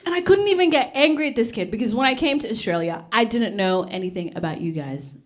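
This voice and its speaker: On a comedy stage before a live audience, a young Ugandan woman does stand-up, animatedly telling stories, acting out voices, and sometimes dropping to a whisper for a punchline. Her voice is a little high, she talks fast, and there's background noise.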